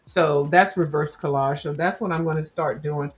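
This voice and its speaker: A woman chats loosely with her viewers while she works on a craft project. Her voice sits a little low, and her talk is rambling and full of slang as she addresses everyone as y'all. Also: fairly even intonation, normal speed. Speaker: crafting livestream host. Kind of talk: casual chat while crafting.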